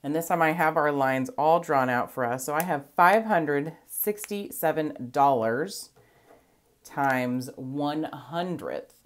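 A woman's voice: low-pitched, expressive, slow. A woman teacher explaining a math lesson patiently, step by step, counting places aloud.

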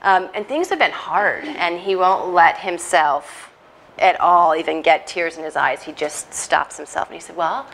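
A woman psychologist giving an earnest, animated parenting talk to a church moms' group, often checking in with "right?". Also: lowish voice, measured pace, vocal fry, a little hiss or hum.

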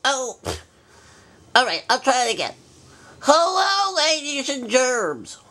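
A man's voice: big pitch swings, slow, sharp tone, full character voice. A man voicing a forgetful, cranky old male bear rabbi who hosts a puppet comedy show, bumbling and stubborn. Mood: flustered. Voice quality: high-pitched, bumbling and cranky. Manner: forgetful, stubborn, easily flustered. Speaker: show host.

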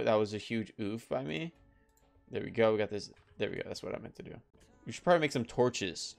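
A young man doing casual gameplay commentary, chatty and excitable, talking to the animals in the game. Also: medium pitch, moderate pace, creaky, faint music behind. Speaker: gaming YouTuber.

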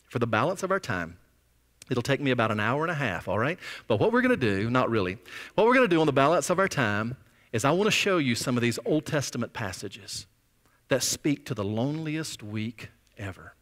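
A man's voice: medium pitch, very animated, a little fast, fairly bright tone. A man preaching a sermon as pastor, with dramatic rises and drops in volume. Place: church sanctuary. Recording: long reverb of a church sanctuary.

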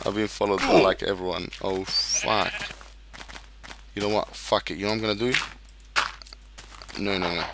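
A man's voice: fairly low pitch, fairly even intonation, moderate pace, long pauses, noisy background. A man giving casual commentary on his own game, swearing freely and venting when things go wrong. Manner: swears a lot, frustrated outbursts. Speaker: gaming YouTuber.

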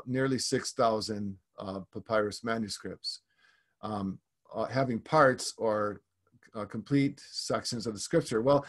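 A man preaching a teaching sermon in a church, explaining step by step with frequent fillers and restarts. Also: medium pitch.

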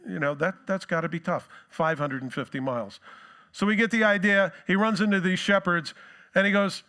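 A male pastor preaching a sermon in a relaxed, conversational way with joking asides. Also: high voice, moderate pace.

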